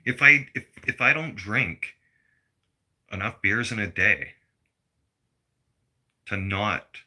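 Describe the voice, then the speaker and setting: A man's voice: fairly low pitch, lively intonation, takes it slowly, sharp tone. Blunt, profane man ranting. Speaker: vlogger. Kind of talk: personal rant to camera.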